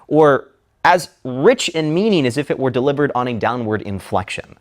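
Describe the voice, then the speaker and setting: A man teaching public speaking in a scripted lecture, with measured, deliberate delivery. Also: medium pitch, lively intonation. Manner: measured, deliberate delivery with slow emphatic phrases.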